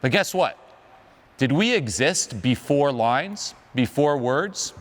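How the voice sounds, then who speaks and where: A man's voice: mid-range voice, expressive, slow pace. A man coaching on social skills in an emphatic motivational talk, asking the audience questions.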